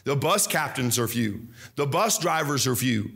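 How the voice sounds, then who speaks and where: A young man, a pastor, preaching a fervent sermon with loud mock voices and low asides. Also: expressive, a little slow, gravelly, slightly rough. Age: young adult.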